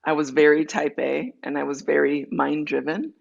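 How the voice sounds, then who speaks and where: Candidly sharing her personal story as an interview guest, a woman races through it in quick runs and acts out the dialogue. She speaks in a low, steady voice with vocal fry, and the audio's highs are cut off.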